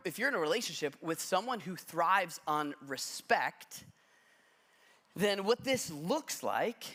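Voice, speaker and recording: A man preaching from the front of a church, with a bright, forceful tone that sits a bit high for a man. He speaks in a relaxed, conversational way and pokes gentle fun at himself. He sounds like he is in his thirties. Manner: conversational storytelling with self-deprecating humor. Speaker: pastor. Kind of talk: sermon. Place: church sanctuary.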